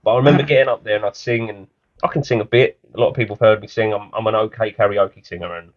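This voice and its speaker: A man's voice: fairly low pitch, steady tone, fast talker. A man, co-hosting a podcast and telling self-mocking stories in casual chat. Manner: storytelling, self-mocking, laughs often. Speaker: podcast co-host. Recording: dull lo-fi podcast audio.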